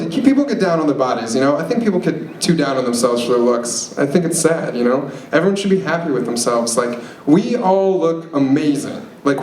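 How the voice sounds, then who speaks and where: A man's voice: on the high side, a little mellow. A young man performing a stand-up set at an open mic, rambling and self-deprecating with lots of fillers. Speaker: stand-up comic. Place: open mic comedy venue. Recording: echoey room, noisy live venue.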